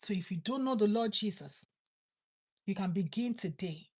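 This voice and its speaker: A woman preaching and praying, repeating her thanks to God and slowing down on key words. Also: medium pitch, animated, a little mellow, husky. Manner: fervent, repetitive prayer phrases, slows for emphasis. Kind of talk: prayer and sermon.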